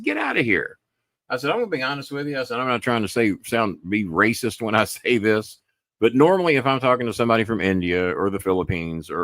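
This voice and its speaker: A man's voice: fairly low pitch, a bit bright, no echo, studio quality. A man hosting his own podcast, retelling a phone call in a rambling way with lots of "I said" asides and frequent swearing. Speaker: podcast host. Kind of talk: casual storytelling monologue.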